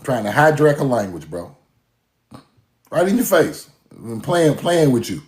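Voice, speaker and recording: A man's voice: mid-range voice, measured pace, reverberant. A man, talking casually and mockingly in a profane rant to his audience. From US South. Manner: animated, laughing, mocking, profane.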